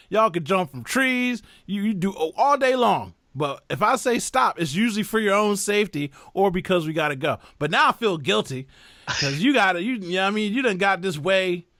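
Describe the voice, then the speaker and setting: A man's voice: sits high, a little fast, dry recording, clean studio sound. A man in casual podcast chat, telling family stories and acting out other people's voices as he goes. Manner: animated storyteller who acts out the voices of others. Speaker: podcast host and father.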